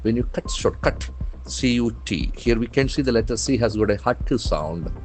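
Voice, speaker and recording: A man with an Indian English accent teaching English vocabulary from the day's newspaper, spelling words letter by letter and repeating them slowly for practice. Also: medium pitch, expressive, a little mellow. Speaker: English trainer. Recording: faint music behind.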